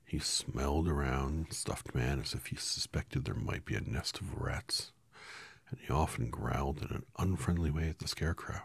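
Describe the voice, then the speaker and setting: Very deep, gravelly male storybook reader. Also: normal speed, no echo. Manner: casual, corrects own slips. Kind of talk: reading a storybook aloud.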